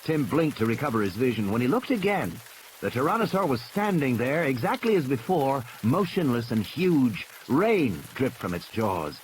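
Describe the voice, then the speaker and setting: Expressive male audiobook narrator over rain. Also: mid-range voice, moderate pace. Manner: expressive, rising with the tension. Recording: rain noise in background.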